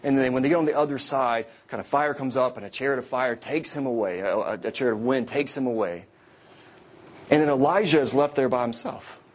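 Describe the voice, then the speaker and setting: A man's voice: mid-range voice, brisk, slight background noise. A man, a pastor, preaching a sermon with vivid storytelling, often repeating and restarting words.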